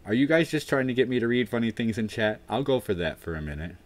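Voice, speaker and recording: A man hosts a casual livestream, tired and dry-mouthed from the heat, talking fast with lively intonation. He rambles self-deprecatingly as he reads chat aloud, trailing off unsure with "I don't know".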